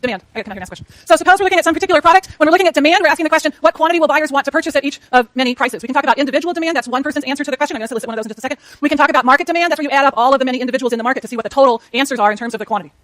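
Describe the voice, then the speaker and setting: A middle-aged woman gives a university economics lecture at a very quick clip, her voice sitting high. She talks to the class in a chatty way and keeps putting questions to the students. The sound is dry and close. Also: fairly bright tone, no room sound.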